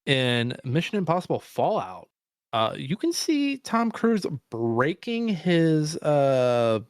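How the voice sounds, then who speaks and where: A man co-hosts a podcast in loose, casual chat and slips into put-on voices as he jokes. His pitch swoops up and down in a very lively way. The sound is close and dry. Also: slow, smooth, no echo. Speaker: podcast co-host.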